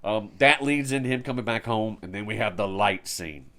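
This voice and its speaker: A man's voice: on the low side, moderate pace, bright, forceful tone. Laughing male podcast co-host. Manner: laughs often, retells scenes with quoted lines. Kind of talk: casual chat about a movie.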